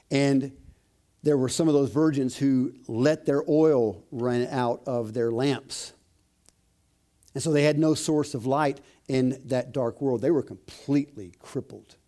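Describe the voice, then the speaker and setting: A man preaching a sermon as pastor, slowing down and rising in pitch to stress key phrases. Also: warm tone. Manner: emphatic, slows and rises to stress key phrases.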